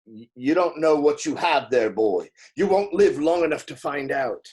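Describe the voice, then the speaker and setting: A man's voice: on the high side, lively intonation, normal speed, darkish tone, close to an everyday voice. A man voicing a menacing fire giant. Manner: threatening, commanding. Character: huge fiery male giant, menacing villain.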